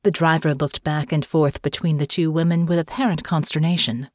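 A woman narrating an audiobook with expressive, scripted storytelling on a close studio mic. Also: sits low, brisk, hardly any pauses, no room sound.

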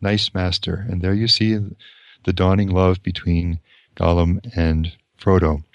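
A priest reading from a novel and reflecting on it in a slow, measured way with pauses. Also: male voice, sits low, steady tone, no echo, highs cut off.

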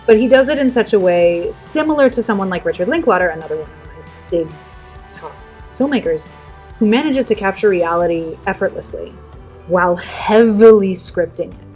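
A woman, a podcast guest, talking about a film in an animated, earnest way at length. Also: mid-range voice. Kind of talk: casual film discussion.

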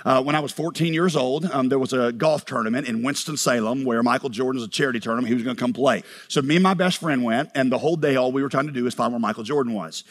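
A man from North Carolina preaching a sermon, animated, telling stories and acting out quotes, sometimes shouting. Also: medium pitch, fast, hardly any pauses. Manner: animated storytelling with acted quotes, rises to shouts. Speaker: pastor. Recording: long hall reverb.

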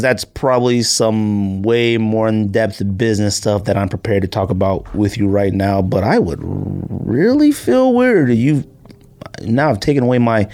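A man's voice: fairly low pitch, a little mellow. A man hosting a sneaker podcast, talking casually in a rambling, joking, storytelling way. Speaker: podcast host.

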